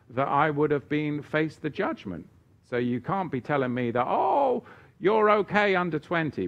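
A man preaching as he answers viewer questions on a Bible Q&A livestream, emphatic and chatty, with joking asides. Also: on the low side. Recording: dull lo-fi stream audio.

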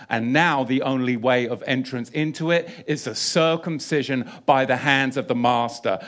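A man giving an emphatic sermon who often repeats key phrases and asks rhetorical questions. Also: a little high. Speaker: Bible teacher.

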